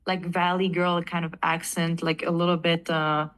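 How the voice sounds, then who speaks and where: A woman with a French accent, chatting casually as a band vocalist in an interview, animated and laughing often. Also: fairly low pitch, normal speed. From France.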